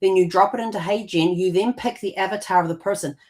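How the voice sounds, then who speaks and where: A woman's voice: medium pitch, quick pace, darkish tone. A woman co-hosting a casual talk show, explaining at length with plenty of fillers and restarts. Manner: rambling, with many fillers and restarts. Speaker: co-host.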